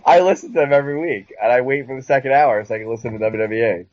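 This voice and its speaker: A man co-hosting a casual wrestling podcast, rambling and excitable, sometimes mocking others in a squeaky voice. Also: racing, no room sound. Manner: rambling, excitable, mocking high-pitched impressions. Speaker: podcast co-host. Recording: dull lo-fi dry sound.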